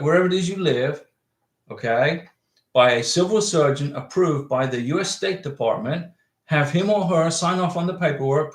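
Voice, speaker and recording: A man's voice: fairly high pitch, roomy sound. Folksy man hosting a livestream. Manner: folksy, reads viewer chats aloud and answers directly. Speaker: livestream host giving visa advice. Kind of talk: casual livestream chat.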